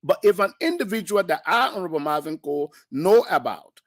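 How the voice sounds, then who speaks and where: A man's voice: high-pitched, lively intonation, brisk, dry recording, studio quality. A man, a lawmaker defending his position on a political talk show, speaking emphatically and restarting his sentences.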